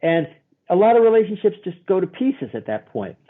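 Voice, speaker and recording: A man, a guest therapist, explaining in an animated storytelling way and acting out the voices he quotes. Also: sits high, brisk. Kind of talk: expressive explaining. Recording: tinny phone-like line.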